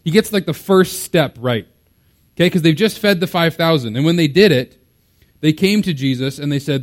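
A man's voice: on the high side, lively intonation, fairly quick. A man preaching a sermon as a pastor, in a conversational, explaining way with casual fillers.

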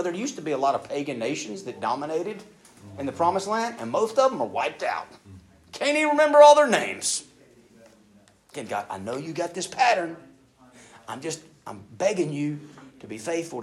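Animated preacher man reading scripture. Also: medium pitch. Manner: reads scripture aloud, then speaks to the congregation directly; animated, moves between loud emphasis and hushed asides. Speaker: pastor. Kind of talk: sermon.

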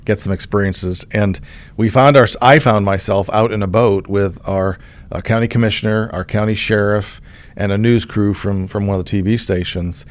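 A middle-aged man from Oklahoma hosts a conversation as the state insurance commissioner and tells a story in a relaxed way, often restarting his sentences. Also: on the low side, normal speed. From Oklahoma, USA. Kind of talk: casual conversational interview.

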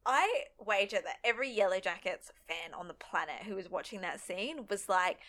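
A woman co-hosting a casual recap podcast, talking fast and acting out characters' lines as she goes. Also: medium pitch. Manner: animated, acts out characters' lines mid-story. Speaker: podcast co-host.

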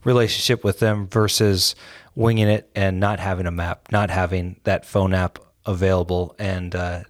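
A man who works as a game warden, answering interview questions in a measured, deliberate way. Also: low-pitched, little pitch movement, no room sound, clean studio sound.

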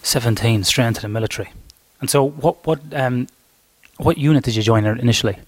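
A man's voice: mid-range voice, a little fast. A man with an Australian accent hosting a podcast interview, asking chatty, curious questions. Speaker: podcast host.

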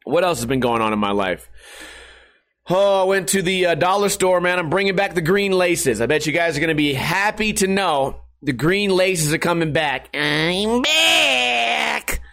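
A streamer in his thirties rambles at his webcam from a hot house, joking profanely in a casual vlog. His voice is a little high, expressive, and a bit bright, at a moderate pace, picked up by his home webcam setup.

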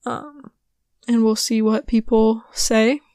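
A young woman with a hoarse, worn voice rambles through a casual podcast story, full of fillers and little giggles. Her voice sits a bit high, and the sound is dry and close, with no room to it. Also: steady tone, slow, mellow, no room sound. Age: young adult. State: hoarse, voice giving out. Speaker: podcast host.

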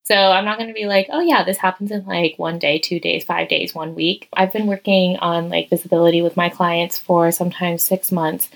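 A woman's voice: fairly low pitch, steady tone, moderate pace, vocal fry, hardly any pauses, poor audio. Heartfelt chatty woman podcaster. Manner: heartfelt, chatty, many "like" fillers, dips into whispers. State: teary-eyed. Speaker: podcast host and coach. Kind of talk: casual solo podcast talk. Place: guest bedroom at home. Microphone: close podcast mic, crouched over it.

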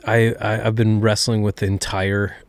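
Relaxed pastor with a low voice. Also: male voice, moderate pace, no room sound. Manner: reflective, relaxed, many fillers. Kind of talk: casual chat.

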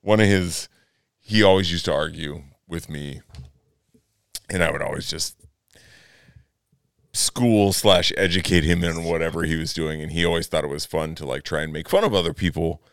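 A man's voice: sits low, normal speed, long pauses, smooth, no echo, clean studio sound. A man co-hosting a casual podcast, laid-back and laughing, swearing freely as he tells stories. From United States. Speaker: podcast co-host. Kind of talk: casual chat.

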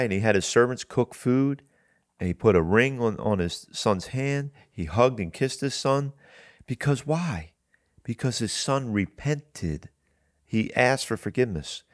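A man's voice: mid-range voice, animated, a little slow, no room sound, studio quality. A man hosting a Christian talk show, preaching in an earnest, conversational way and often repeating his first words as he starts a thought.

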